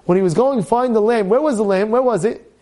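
A man's voice: sits high, fast talker, dark tone. A man giving a rabbi's class on the weekly Torah portion, asking rhetorical questions and repeating words as he builds his points. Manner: acts out students' complaints in a raised voice.

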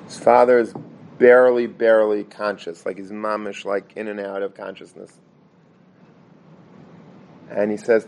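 A man's voice: on the low side, little pitch movement, a little slow, gravelly, pauses often, darkish tone, a little hiss or hum. A man telling a dramatic religious story, sprinkling in Hebrew and Yiddish terms and often restarting his words. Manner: stammering restarts and repetition.

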